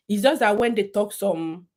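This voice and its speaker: A Nigerian woman chatting casually to her viewers on a live stream, rambling and laughing often. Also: mid-range voice.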